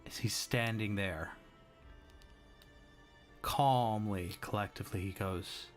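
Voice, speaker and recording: A man running a live-streamed tabletop game as game master, narrating scenes slowly and dramatically. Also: lowish voice, faint music behind. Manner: slow, dramatic descriptive narration.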